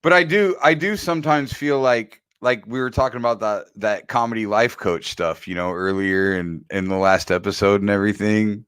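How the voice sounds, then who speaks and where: A man's voice: fairly low pitch, normal speed, few pauses, fairly bright tone, clean tone, no echo. A man in his forties co-hosting a podcast, telling candid, profane stories in casual chat. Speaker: podcast co-host.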